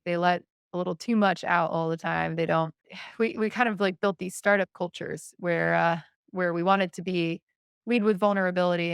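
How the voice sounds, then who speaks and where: A woman hosting a podcast, chatting casually with her guest and thinking out loud as she asks questions. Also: lowish voice, gravelly, clean tone, no room sound, clean studio sound. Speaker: podcast host. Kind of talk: casual interview chat.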